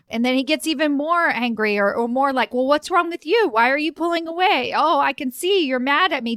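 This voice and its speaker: A woman's voice: a bit bright, no room sound, clean studio sound. A woman hosting a solo podcast as a career coach, chatty and emphatic, laughing and asking "right?" often and acting out quoted voices. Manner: acts out quoted voices with pitch jumps.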